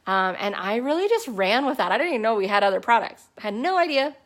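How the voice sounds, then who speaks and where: A woman's voice: fairly high pitch, quick pace. Chatty woman telling her story. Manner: chatty, animated storytelling with many fillers. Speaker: network marketing distributor. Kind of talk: casual personal testimony to a team.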